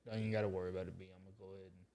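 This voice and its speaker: A man's voice: deep voice, rapid-fire. A man co-hosting a podcast, telling a story in casual, profane chat and acting out the quoted lines. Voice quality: profane, animated storyteller who acts out quotes. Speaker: podcast co-host.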